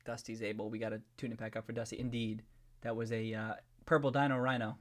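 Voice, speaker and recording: A man's voice: fairly low pitch, flat delivery, fast. A man hosting a live stream, chatting casually and playfully with viewers and greeting them by name. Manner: loose rambling with restarts when explaining.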